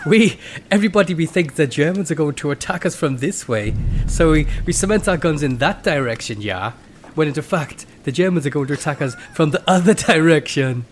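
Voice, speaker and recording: A man's voice: fairly high pitch, a little hiss or hum, voice pushed up, natural voice. A man voicing a male soldier doing a mocking impression of a Frenchman, giggling as he goes.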